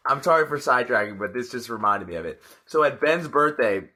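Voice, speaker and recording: A young man with a mid-range, bright voice talks in an easygoing way on a casual podcast. He laughs easily as he goes. He sounds relaxed with his friend. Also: medium pitch, brisk. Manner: laid-back, laughs often. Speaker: podcast co-host. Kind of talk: casual chat.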